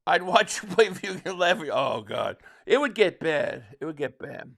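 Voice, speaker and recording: A man's voice: high-pitched, very animated, moderate pace, creaky, fairly bright tone. A man from South Jersey hosting a live stream, chatting casually and rambling as he answers viewer comments, with frequent restarts. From South Jersey, near Philadelphia.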